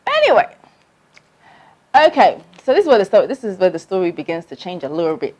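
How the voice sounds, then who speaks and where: A woman, telling a personal story on her vlog, acting out her past self with big jumps up in pitch. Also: huge pitch swings, a little fast, a little mellow. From London. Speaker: vlogger.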